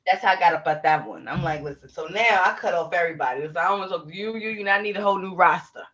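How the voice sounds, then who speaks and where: A woman's voice: lowish voice, racing, fairly bright tone. A woman co-hosting a casual podcast chat, telling a story and acting out both sides of the dialogue. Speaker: podcast co-host. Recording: dull lo-fi audio.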